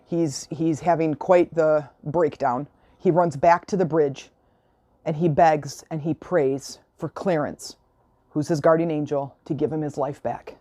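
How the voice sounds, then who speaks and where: Earnest woman with a mellow lower voice. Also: a little slow, dry recording. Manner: earnest, motivational, emotional. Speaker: podcast host. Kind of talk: solo podcast monologue.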